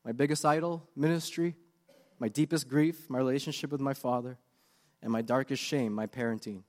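A man's voice: medium pitch, fairly even intonation, normal speed, darkish tone, in a large hall. A man preaching a sermon with earnest, confessional questions. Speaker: pastor.

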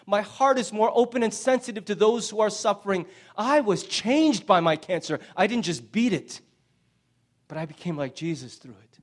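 A middle-aged male pastor preaching a sermon with passion, swinging from loud emphasis to hushed near-whispers. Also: sits high, lively intonation, moderate pace.

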